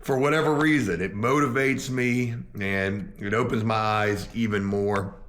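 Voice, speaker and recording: A man's voice: fairly low pitch, steady tone, measured pace, a bit bright. A man in his forties vlogging from his car, talking earnestly and rambling with a self-deprecating tone. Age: 40s. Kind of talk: casual vlog talk to camera.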